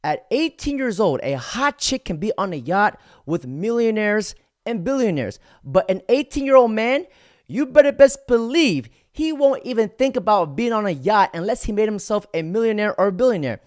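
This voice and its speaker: A man's voice: sits high, sing-song, moderate pace, no echo, clean studio sound. A man hosting a commentary video, lecturing in a matter-of-fact way. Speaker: commentary host. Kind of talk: commentary narration.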